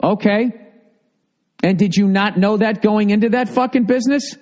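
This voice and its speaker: Man, high voice, comedian, fired-up sarcastic rant, swearing nonstop. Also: normal speed, a little mellow. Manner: heated, sarcastic, swears constantly. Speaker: comedian podcast host.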